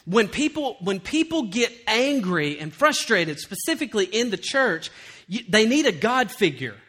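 A middle-aged male pastor preaches a sermon, telling animated stories and acting out quoted lines before turning quiet and earnest. His voice sits high, at normal speed.

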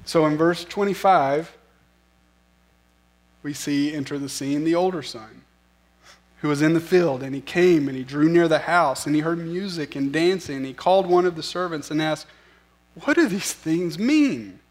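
A man's voice: on the high side, fairly even intonation, normal speed. A man preaching a sermon as pastor, conversational and self-deprecating, often asking the listeners questions.

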